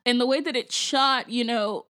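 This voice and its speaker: A woman's voice: on the high side, fairly even intonation, moderate pace, sharp tone. A woman from Jamaica co-hosting a casual movie review, chatting loosely with lots of "like" and laughter.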